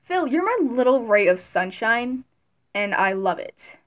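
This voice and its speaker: Young woman vlogger, high voice, unhurried delivery, giggly fan chatter with loud outbursts. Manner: giggly, excitable, bursts of loud mock quotes. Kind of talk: casual fan commentary.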